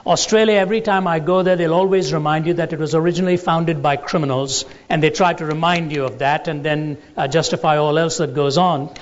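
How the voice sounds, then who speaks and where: Male lecturer, higher-pitched voice, deliberate storyteller, long hall reverb. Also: steady tone. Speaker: Christian apologetics lecturer. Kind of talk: lecture with anecdotes and jokes. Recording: dull lo-fi recording in a large reverberant hall.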